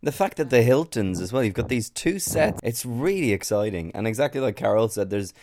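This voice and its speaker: A man's voice: medium pitch, animated, a little fast, darkish tone, slight background noise. A man hosting a casual athletics chat, chatty and enthusiastic. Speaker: podcast host.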